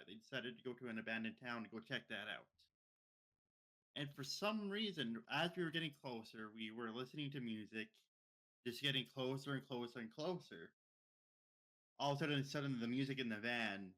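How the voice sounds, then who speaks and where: Young male podcast co-host, bright tone, rambling casual storyteller who repeats and restarts his phrases. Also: mid-range voice. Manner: rambling, repeats words and restarts, mimics others' speech.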